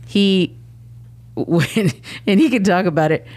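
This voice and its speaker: A middle-aged woman sits in as an interview guest, recounting family stories. Her telling is animated, and she slips into the voices of the people she quotes as she goes. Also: medium pitch, takes it slowly. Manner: animated, acts out quoted dialogue. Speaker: guest, mother of the athlete. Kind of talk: casual interview storytelling.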